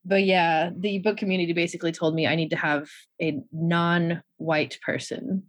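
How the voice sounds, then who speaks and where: Giggly novelist woman with lower voice. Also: steady tone, moderate pace, dry recording. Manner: bubbly, frequent giggles, many fillers. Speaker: guest, novelist. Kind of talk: casual conversational interview.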